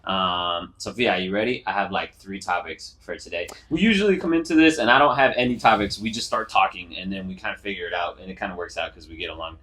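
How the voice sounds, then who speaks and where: A young man co-hosting a casual podcast with his sister, talking in an animated, profane, teasing way, a little quiet and echoey from a misplaced mic. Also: low-pitched, fast, hardly any pauses. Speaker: podcast co-host. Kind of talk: casual chat.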